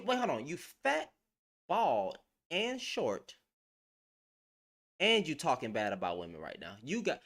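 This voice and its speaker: Sassy woman ranting, lively pitch. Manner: sassy, mocking, laughing, animated. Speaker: online commentator. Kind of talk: casual ranting commentary.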